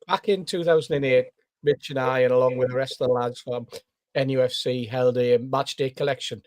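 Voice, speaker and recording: A man's voice: mid-range voice, no room sound. A man telling a story as a podcast panelist, acting out the voices of the people in it. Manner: animated storyteller, acts out quoted voices. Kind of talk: casual anecdote telling.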